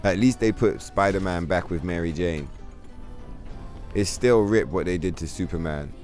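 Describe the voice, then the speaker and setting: A male streamer host chatting casually to his viewers, telling stories in a rambling, profane, animated way. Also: sits low, normal speed, faint music behind. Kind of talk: casual livestream chat.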